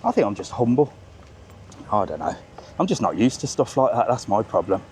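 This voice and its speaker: A man's voice: fairly low pitch, very animated, brisk, darkish tone. Guy vlogging on a walk, rants and swears a lot, faint street noise. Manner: chatty, ranting, swears freely. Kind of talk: casual walking vlog. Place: outdoors at a seaside market town.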